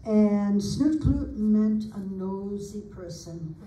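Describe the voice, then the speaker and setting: An older woman from the United States reading family recollections aloud in an unhurried, homely way, adding small asides as she goes. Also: medium pitch, lively intonation, dark tone. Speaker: family historian presenter. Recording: roomy sound from a distant mic.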